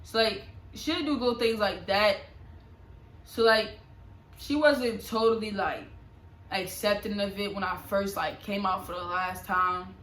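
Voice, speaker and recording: Young woman vlogger, casual and confiding, bright tone, echoey room. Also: medium pitch, measured pace. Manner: slangy, animated, confiding. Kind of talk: casual storytelling to camera.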